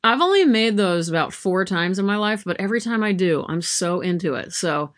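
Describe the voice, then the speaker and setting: A woman's voice: mid-range voice, animated, fairly quick. A woman chatting casually to camera from her yarn room at home, rambling and self-deprecating with lots of fillers. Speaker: vlogger.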